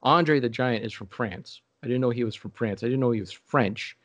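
A man in casual chat, rambling and halting with many restarts and fillers. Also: medium pitch, a bit bright, no echo.

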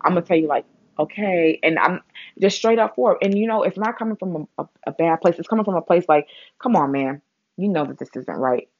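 A woman speaking in a casual spiritual vlog, rambling with many fillers and restarts, and getting animated as she retells a story. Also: on the low side, brisk, no room sound, muffled recording.

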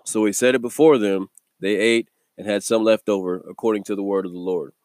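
A man hosting a daily devotional video, teaching from the Bible in a relaxed, conversational way and chuckling between thoughts. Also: fairly low pitch, brisk, no room sound, clean studio sound.

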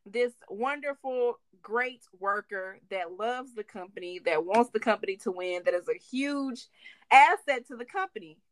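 A woman's voice: medium pitch, lively intonation, normal speed, no room sound. A young woman in her twenties co-hosting a podcast, telling a work story in casual, slangy chat and slipping into voices when she quotes people. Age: 20s. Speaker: podcast co-host.

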